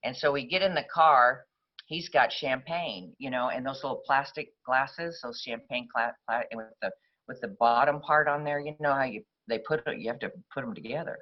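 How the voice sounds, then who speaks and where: A woman's voice: very deep voice, moderate pace. Woman, recovery meeting speaker, rambling conversational storyteller, muffled lo-fi recording.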